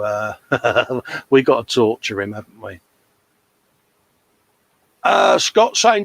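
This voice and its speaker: A man's voice: medium pitch, no echo. A man hosting a casual live show, reading out viewer comments with jokey banter and calling everyone mate.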